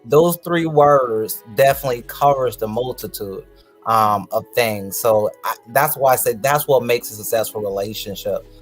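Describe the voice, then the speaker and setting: A man's voice: mid-range voice, moderate pace, faint music behind. A man speaking as a talk show guest, laughing often and talking loosely with restarts. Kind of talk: casual panel discussion.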